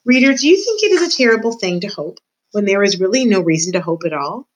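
A woman's voice: mid-range voice, very animated, fast talker, slight background noise, low-quality recording. A woman student reading a children's novel aloud, speaking to the reader directly.

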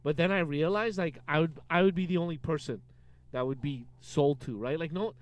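A man's voice: fairly high pitch, fairly quick, muffled recording. A young man from Canada co-hosting a casual comedy podcast, joking and mocking himself as he riffs with a friend in a car. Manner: animated, joking, self-mocking. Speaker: podcast co-host.

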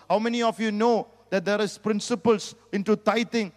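Indian preacher guy, high voice, shouts hallelujah a lot, big echoey church. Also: steady tone, moderate pace, few pauses. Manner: exclamatory, peppered with hallelujahs and praise the Lord. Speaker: pastor. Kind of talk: sermon. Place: church hall. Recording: long church hall reverb.

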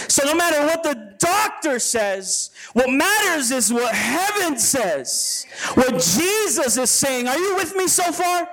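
A man's voice: very high-pitched, big pitch swings, slow pace, a bit bright, rough recording. A man preaching as a pastor at a retreat, often repeating words and asking the crowd to agree with him. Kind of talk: sermon. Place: retreat gathering before a live audience.

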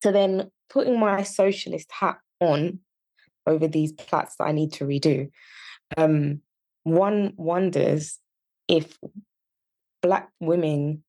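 A woman with a Yorkshire accent co-hosts a podcast, her voice low and slow with long pauses, captured in a dry recording. In casual chat she talks earnestly and at length, wandering between points and growing animated when riled.

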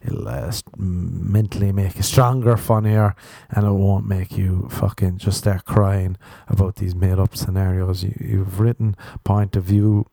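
A man's voice: low-pitched, steady tone, a little slow, vocal fry, warm tone, no room sound. Irish male comedian, young, sweary self-mocking rants, dry close mic. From Ireland. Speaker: stand-up comedian. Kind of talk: casual comic monologue.

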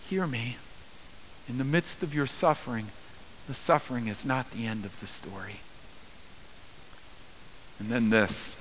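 A man's voice: mid-range voice, measured pace, pauses often, a bit bright, slight background noise. A man preaching a sermon as pastor, earnest, his voice lifting when he speaks quoted words. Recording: long hall reverb.

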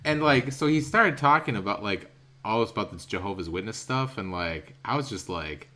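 A man's voice: lowish voice, lively intonation, moderate pace, bright, forceful tone. A young American man on a podcast, telling a rambling travel story in a casual way, with lots of fillers and laughter. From United States. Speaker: podcast co-host.

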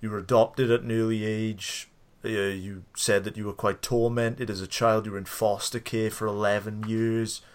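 A man hosting a casual interview, telling stories in a lively way and laughing easily. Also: on the low side, normal speed. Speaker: podcast host.

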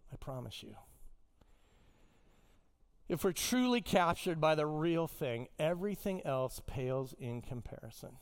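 A man preaching a sermon as pastor, telling stories with wide swings in pitch and loudness. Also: vocal fry.

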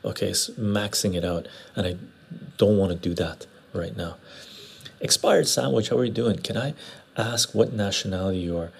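Casual livestream host, a man from Western Canada, low husky voice, rambling and chatty. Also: moderate pace. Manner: rambling, conversational, often tags "right?". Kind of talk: casual livestream chat answering viewer comments. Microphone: lapel mic.

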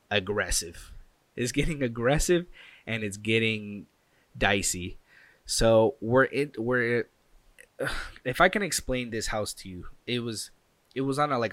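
Young man, casual storytelling, animated, does the voices of people in the story, bright forward voice, dry sound. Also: on the low side, dry recording. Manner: animated, acts out quoted people with sound effects. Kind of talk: casual personal anecdote.

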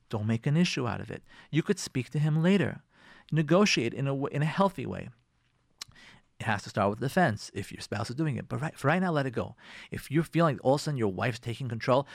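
A man hosting a radio show, giving marriage advice in an animated way and acting out arguing spouses. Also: fairly high pitch, creaky, dry recording, clean studio sound. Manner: lively, acts out quoted spouses in raised voice.

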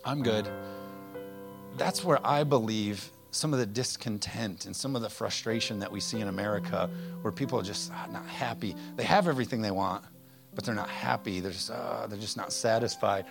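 A man preaching a conversational, energetic sermon full of rhetorical questions. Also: fairly low pitch, a little fast, gravelly, over music. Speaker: pastor.

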